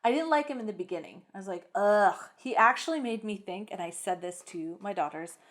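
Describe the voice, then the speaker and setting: A middle-aged woman co-hosting a podcast in casual chat, lively and quick to act out lines in voices. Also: medium pitch. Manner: animated, acts out lines from the film in voices. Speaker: podcast co-host.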